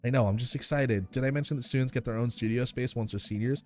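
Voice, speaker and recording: A man voicing an excitable teenage daughter in a game, gushing and squealing as he reads on a live stream. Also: mid-range voice, fast talker, lightly acted. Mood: eager.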